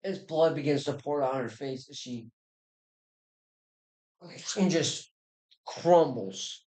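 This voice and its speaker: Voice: mid-range voice, takes it slowly, a little mellow, rough recording. A game master narrating a homebrew tabletop game in a casual, loose way, with restarts and mouth sound effects.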